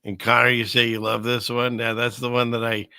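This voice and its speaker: A man's voice: medium pitch, level tone, fairly quick, bright, forceful tone, clean tone, no echo, clean studio sound. A man hosting a show, rambling skeptically through casual commentary while he browses, with many restarts. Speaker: show host.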